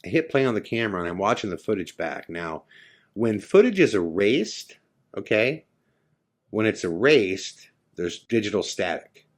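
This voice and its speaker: A middle-aged man with a low, deep voice tells a personal story on his podcast. He talks loosely and conversationally, leaning on "you know" and "like" as he goes. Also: very animated, moderate pace. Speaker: podcast host. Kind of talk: casual storytelling of a personal ghost experience.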